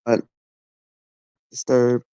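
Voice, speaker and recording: A woman's voice: drawn-out words, warm tone, dry recording, muffled recording, faint music behind. Rambling woman commentator, dry close sound. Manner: rambling, repeats words, folksy and candid. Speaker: online commentator. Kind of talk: casual commentary on a video.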